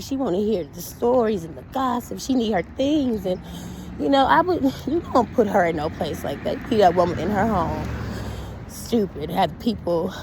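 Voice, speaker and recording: A woman chatting casually on a walk outdoors, reacting to an interview with animated, blunt talk, laughter and swearing. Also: medium pitch, a little hiss or hum, low-quality recording. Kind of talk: casual chat.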